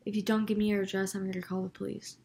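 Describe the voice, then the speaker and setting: A woman's voice: mid-range voice, flat delivery, rapid-fire, gravelly, a little mellow, natural voice. A woman quoting a mean scolding old lady. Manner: harsh and insulting.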